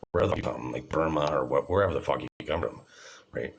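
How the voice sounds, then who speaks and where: A man's voice: a bass voice, fast, gravelly, slight background noise. A man in his forties talking to camera in an agitated, rambling, profane monologue. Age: 40s.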